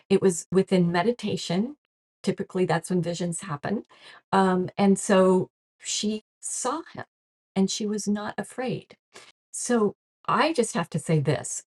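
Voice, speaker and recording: A woman's voice: lowish voice, a little mellow, husky. A woman giving a casual spiritual talk to camera, earnest and chatty, often laughing and acting out quoted reactions. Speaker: spiritual teacher.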